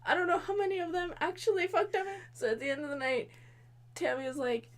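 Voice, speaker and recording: A woman's voice: very high-pitched, animated, fast talker. A woman in her twenties giving a rambling, profane, exasperated comedic recap of a movie. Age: 20s. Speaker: comedy video host.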